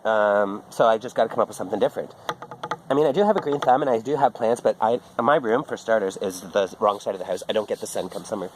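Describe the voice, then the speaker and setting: A man's voice: fairly low pitch, fast talker, background noise. Rambling, profane man. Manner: rambling, profane, self-interrupting. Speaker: vlogger. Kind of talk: rambling casual monologue.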